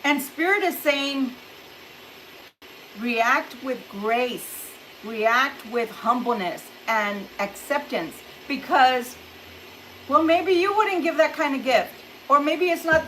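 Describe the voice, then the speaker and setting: Middle-aged woman, tarot reader, high and unhurried, chatty with easy laughs, sitting a bit back from the camera. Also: lively intonation, a bit bright, slight background noise, poor audio. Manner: chatty, laughs often, acts out quoted reactions. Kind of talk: casual tarot reading to camera. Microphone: camera a little distant.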